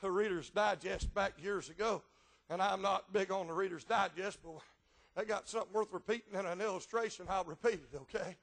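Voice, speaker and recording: A middle-aged preacher man with a strikingly high, bright voice and a gravelly edge. He moves from plain, folksy storytelling into a chanting, shouted cadence, with a sharp "uh" between phrases. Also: brisk. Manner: folksy storytelling with dialect grammar. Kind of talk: revival sermon.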